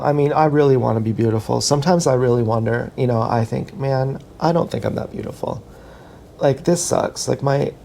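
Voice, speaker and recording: Man, vlogger, gravelly fry, mellow tone, rambling self-mocking monologue, restarts. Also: medium pitch, slight background noise. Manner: meandering, self-mocking, thinks aloud with many restarts; talks while dancing.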